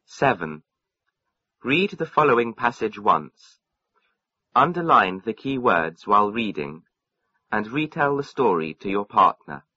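A man reading lesson instructions and a textbook passage slowly and deliberately. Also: fairly low pitch, bright, forceful tone, dry recording. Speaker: textbook audio reader. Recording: dull lo-fi recording.

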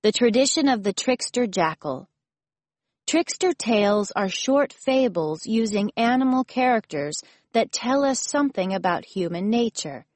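A woman narrates a fable and its background in a clear, measured reading. Her pace is slow and unhurried. The recording is dry and close, with no room sound. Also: on the high side, lively intonation, a little mellow, no echo. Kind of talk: scripted storybook and nonfiction narration.

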